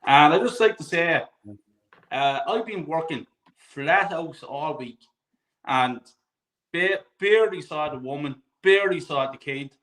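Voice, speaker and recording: A man's voice: fairly high pitch, measured pace, fairly bright tone. A man in his forties speaking as a guest on a fan talk show, ranting hard, swearing often and repeating himself for emphasis. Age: 40s. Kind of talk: impassioned live show rant.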